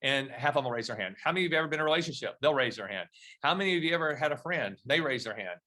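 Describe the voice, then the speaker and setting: Bright-voiced middle-aged man telling stories. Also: medium pitch, rapid-fire. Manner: storytelling, animated when acting out dialogue. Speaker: guest. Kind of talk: podcast interview.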